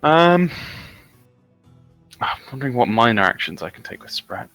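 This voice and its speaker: A man's voice: mid-range voice, very animated, normal speed, fairly bright tone, no echo, faint music behind. A man playing a tabletop game, thinking aloud with hesitant ums. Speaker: player. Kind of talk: casual tabletop game play.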